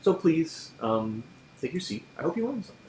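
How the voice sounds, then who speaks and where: A man's voice: on the low side, animated, moderate pace, a little hiss or hum, lightly acted. A man voicing a stern, intense male magic professor who talks curtly and formally, in an echoey room. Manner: curt, formal and impatient.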